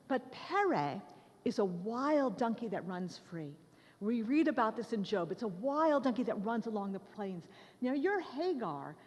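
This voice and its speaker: A woman giving a lecture to an audience in a conversational, joking way. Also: medium pitch. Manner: lively and conversational, joking with listeners. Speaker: lecturer on the Hebrew Bible. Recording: long reverb of a large hall.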